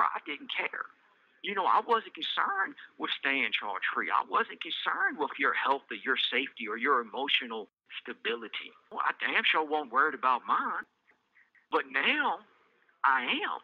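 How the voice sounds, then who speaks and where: A man's voice: a little high, no echo. An incarcerated man hosting a podcast, talking in an earnest, rambling way full of fillers, recorded on a prison phone line. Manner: earnest, rambling, many "you know" fillers. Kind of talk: reflective casual monologue. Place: maximum-security prison.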